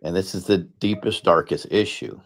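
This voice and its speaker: A man's voice: sits low, moderate pace. A middle-aged man speaking on a panel, earnest and emphatic, often repeating his words for stress. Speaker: guest speaker, political candidate. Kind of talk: impassioned panel talk.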